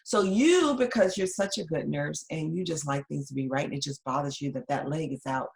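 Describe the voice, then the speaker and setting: A woman's voice: low-pitched, a little fast, gravelly. A woman presenting a webinar lecture, talking conversationally and checking in with the listeners with frequent "right?".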